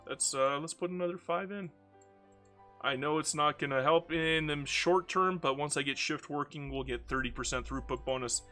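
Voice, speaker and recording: A man's voice: on the high side, normal speed, sharp tone, soft background music. A man with a regional American accent giving casual, chatty gameplay commentary, exclaiming at the game and poking fun at himself. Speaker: video game streamer.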